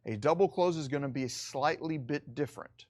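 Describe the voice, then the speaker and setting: A middle-aged man teaching a recorded real estate lesson, explaining step by step and slowing down to stress key points. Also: fairly high pitch, darkish tone.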